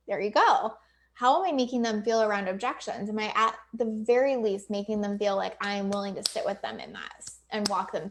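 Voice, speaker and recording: Chatty woman coaching on a livestream. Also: a little high. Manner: chatty, emphatic, lots of "like" and "right?"; acts out quoted client voices. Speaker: business coach. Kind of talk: casual live video talk to viewers.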